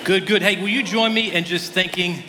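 Male pastor, bright forceful delivery, slightly high voice, chatty sermon with jokes, long church-hall reverb. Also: fairly even intonation, normal speed. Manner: conversational storytelling with humorous asides. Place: church sanctuary.

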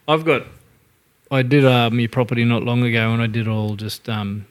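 A man's voice: mid-range voice, steady tone, moderate pace. An Australian man co-hosting a casual podcast, laughing often and swearing casually. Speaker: podcast co-host. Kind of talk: casual pub banter.

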